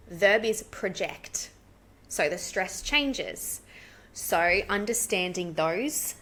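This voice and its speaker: An Australian woman, an English pronunciation coach, explaining her teaching earnestly and practically in an interview, slowing down to demonstrate word stress. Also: fairly low pitch, fairly bright tone, slight background noise. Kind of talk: explanatory casual interview talk.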